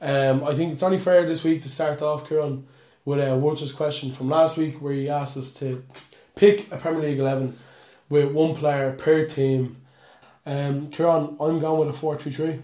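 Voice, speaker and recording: A man's voice: a little high, steady tone, normal speed, mellow. Bantering man in an echoey room. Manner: laughing, teasing banter. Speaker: podcast co-host. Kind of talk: casual football chat. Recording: roomy echo, faint music.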